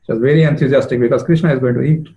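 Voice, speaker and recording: A man's voice: medium pitch, steady tone, very fast, warm tone, dull audio. A man retelling a devotional story as a preacher, conversational with frequent fillers. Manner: conversational, many "you know" fillers.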